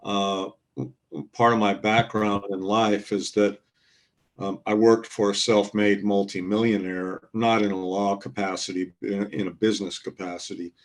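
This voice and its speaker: A man in a casual discussion, speaking in a measured, reflective way with frequent fillers. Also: fairly low pitch, steady tone. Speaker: guest commentator.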